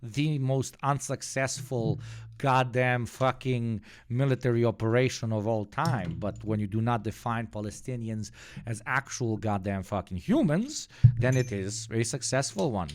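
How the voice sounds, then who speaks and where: A man's voice: lowish voice, a little hiss or hum. A man hosting a livestream, giving casual, sarcastic and profane commentary. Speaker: livestream host.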